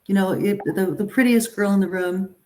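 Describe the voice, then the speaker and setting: A woman's voice: mid-range voice, normal speed. A middle-aged woman, a talent agent, talking casually and animatedly to a group. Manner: animated, chatty, frequent restarts and asides. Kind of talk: casual live talk to a group.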